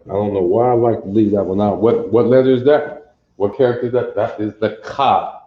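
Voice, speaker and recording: Here the Detroit-accented teacher talks a little fast in a lowish, steady tone, working at the board, repeating himself and making sure everyone follows along. The audio comes from a camera mic that is sometimes distant, in an echoey, muffled room.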